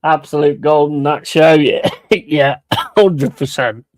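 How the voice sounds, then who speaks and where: A man's voice: on the high side, steady tone, slow, no room sound. A man chatting casually on a live stream, rambling and swearing between chuckles.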